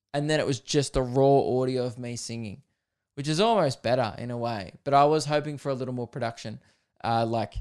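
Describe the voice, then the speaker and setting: An Australian man talks through his solo podcast in a loose, rambling, jokey way, full of fillers. His voice is smooth and clear, sitting at an ordinary middle pitch. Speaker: podcast host. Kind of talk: casual solo podcast chat.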